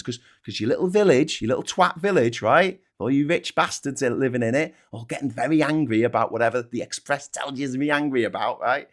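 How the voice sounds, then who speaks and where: A man delivers a heated, sarcastic rant, swearing freely and tripping over restarts. His pitch swings widely as he talks. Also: a bit bright. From Liverpool, England. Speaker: vlogger, channel host. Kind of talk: casual ranting monologue.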